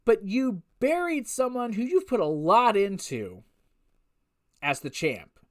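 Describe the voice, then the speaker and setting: Woman host, casual review; exasperated rants and rhetorical questions at an unhurried pace. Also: mid-range voice, sing-song. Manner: exasperated ranting with frequent swearing; repetitive restarts and rhetorical questions. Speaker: wrestling show reviewer.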